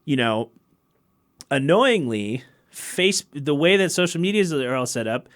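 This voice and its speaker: A man's voice: a little high, animated, a little slow. A man hosting his own podcast, chatting in a rambling, wry way and laughing often. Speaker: podcast host and musician. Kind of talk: casual solo podcast chat. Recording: loud keyboard music under the voice.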